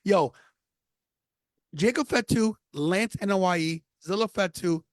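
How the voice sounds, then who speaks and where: A man from New York, a podcast guest, telling stories in an animated, casual way. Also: high-pitched, normal speed, no echo. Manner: animated storyteller. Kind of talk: casual interview.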